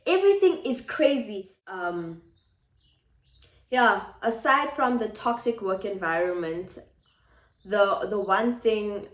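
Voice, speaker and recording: A woman vlogging at home, talking things through in a reflective, repetitive way. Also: lowish voice. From South Africa. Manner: reflective, speaks in repeated phrases. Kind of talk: personal vlog confiding to viewers. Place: home kitchen. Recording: echoey kitchen.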